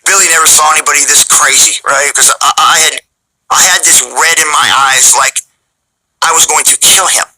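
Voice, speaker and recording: A man's voice: on the high side, normal speed, rough recording. A man being interviewed, telling a story with animation and acting out the voices of the people in it. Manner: animated, acts out quoted voices while telling. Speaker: interview guest.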